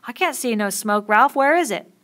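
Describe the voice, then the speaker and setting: A woman's voice: fairly high pitch, expressive, normal speed, a bit bright, voice pushed up. A woman voicing an anxious, clumsy boy who pleads and speaks ungrammatically.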